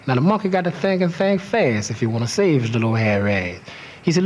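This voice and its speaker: Brief: male storyteller, middle pitch, rhythmic rhymed recitation with lots of cursing. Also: big pitch swings, quick pace, a little mellow, slight background noise. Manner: rhythmic rhyming delivery, heavy cursing. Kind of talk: reciting a rhymed profane folk toast.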